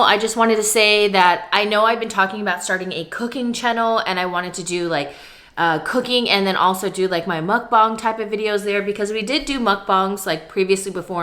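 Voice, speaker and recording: A woman's voice: medium pitch, normal speed, a bit bright. Chatty young woman vlogging over a meal. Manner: chatty, candid, talks between bites of food. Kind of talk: casual vlog chat while eating. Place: at home, indoors.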